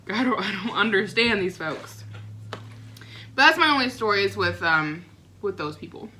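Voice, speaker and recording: A young woman telling a rambling neighbor story in a casual vlog, chatty and animated. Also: medium pitch, normal speed, long pauses. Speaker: vlogger. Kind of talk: casual storytime while eating.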